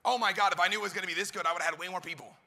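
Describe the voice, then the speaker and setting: A man delivers a hyped motivational talk to a live crowd, firing questions and shouting back the answers. His voice sits high and carries heavy gravel with a piercingly bright edge. The sound rings out with the long reverb of a large event hall. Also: steady tone, very fast. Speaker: motivational speaker. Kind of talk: high-energy motivational speech to a live audience.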